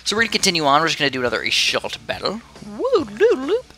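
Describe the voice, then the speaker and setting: A man's voice: a little high, very animated, rapid-fire, pushed and bright, soft background music. A man chatting casually into a headset as he plays and comments on a tower defense game from his room, rambling and easily distracted. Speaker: gaming commentator.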